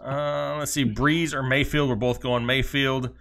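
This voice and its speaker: A man's voice: medium pitch, little pitch movement, fairly bright tone. A man co-hosting a live fantasy football stream, reading out viewer questions and joking along casually. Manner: joking, reads viewer questions aloud quickly. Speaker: fantasy football show co-host.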